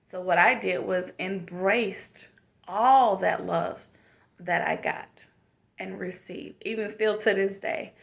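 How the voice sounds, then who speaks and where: A woman's voice: medium pitch, slow, creaky, fairly bright tone. A woman, giving a heartfelt motivational self-love talk and calling the listener "honey.". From South Carolina, USA. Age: 40s. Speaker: vlogger.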